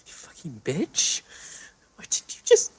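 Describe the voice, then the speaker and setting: A man voicing a grief-stricken young woman who is crying, in a breathy, whispered sob. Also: unhurried, a little mellow, natural voice. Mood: anguished.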